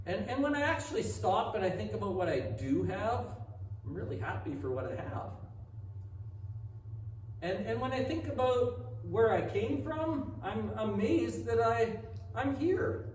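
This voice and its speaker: A man's voice: sits high, darkish tone. A man pastor delivering a conversational sermon full of rhetorical questions. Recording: echoey hall, speaker far from mic, faint noise.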